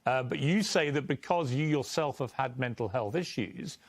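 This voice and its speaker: A man with a British accent, a talk show host, questioning a guest in a measured, pressing way. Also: mid-range voice, animated, gravelly, dry recording. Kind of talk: interview questioning.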